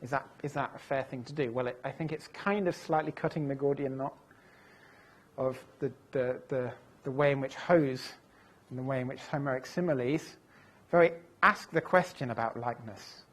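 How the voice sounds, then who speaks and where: A man lecturing at an ordinary middle pitch. He thinks aloud as he speaks, pausing on fillers and correcting himself mid-phrase. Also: fairly bright tone, slightly rough. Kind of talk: recorded lecture walking through translations.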